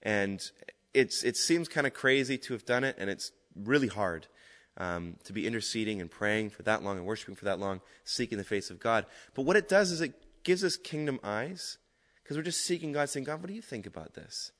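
A man's voice: fairly low pitch, moderate pace, fairly bright tone. Male preacher, conversational storytelling style, recorded in a reverberant hall. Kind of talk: sermon. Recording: echoey hall.

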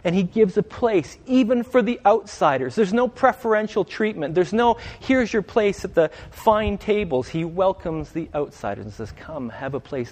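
A man's voice: a little high, dark tone. Man preaching in an echoing hall. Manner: conversational, asks the congregation questions. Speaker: pastor. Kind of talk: interactive sermon.

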